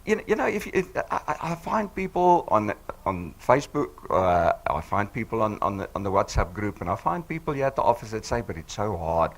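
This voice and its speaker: A man in his sixties with a husky voice, hoarse from flu, giving an emphatic, encouraging motivational speech to a live audience on a handheld mic. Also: on the low side, sing-song, fairly quick, hardly any pauses. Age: 60s. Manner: emphatic, encouraging, repeats for effect. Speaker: business team speaker. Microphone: handheld microphone.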